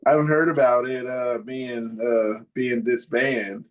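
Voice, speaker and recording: A man's voice: mid-range voice, level tone, slow pace. Rambling man telling a story. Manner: rambling, many ums and restarts. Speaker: podcast guest or co-host. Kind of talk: casual podcast storytelling.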